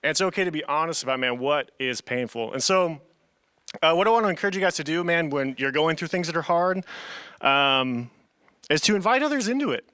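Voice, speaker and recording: Earnest young youth pastor, bright voice. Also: male voice, a little high, expressive, fairly quick, smooth, dry recording. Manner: earnest, casual, says "man" often. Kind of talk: youth sermon.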